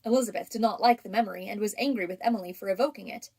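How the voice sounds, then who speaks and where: Reading a classic novel as an audiobook, a woman narrates in an even, measured way. Her mid-range voice has a husky quality with some vocal fry.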